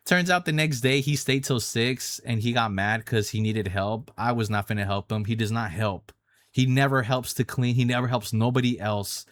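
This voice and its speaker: Cursing a lot and repeating himself, a young vlogger angrily recounts a personal story about a coworker. His mid-range voice sounds a bit bright, with no echo.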